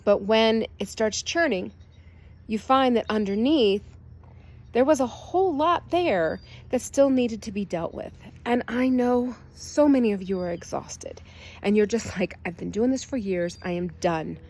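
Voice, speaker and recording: A woman's voice: a little high, lively intonation, unhurried, a little mellow. An older woman, a spiritual healer, giving a casual and earnest energy update in short, reassuring phrases.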